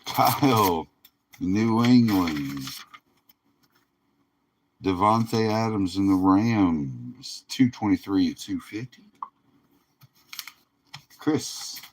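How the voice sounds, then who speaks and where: Weary male stream host, slow and easygoing, chuckles between card reveals. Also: low voice, animated, slight background noise. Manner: laid-back, drawling, laughs often. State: tired, yawning. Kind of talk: casual livestream commentary.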